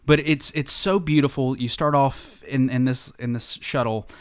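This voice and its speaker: Male podcast host, lively storyteller, mid-range voice, dry recording. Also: mid-range voice, normal speed, clean tone, dry recording. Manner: animated storyteller, laughs often. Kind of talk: casual podcast chat.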